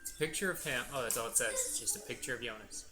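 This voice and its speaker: A man's voice: medium pitch, fast, over music. A man casually commenting as he plays a video game, chatting aside to a little child now and then. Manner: chatty, talks to his baby and the game. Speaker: gaming channel host. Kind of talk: casual let's-play commentary.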